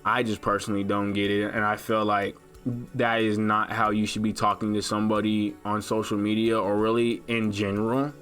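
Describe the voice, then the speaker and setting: A man's voice: fairly low pitch, completely flat delivery, normal speed, a bit bright, soft background music. A young man hosting a let's play, rambling in a loose, slangy way with lots of filler as he talks over gameplay. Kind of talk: casual gaming commentary.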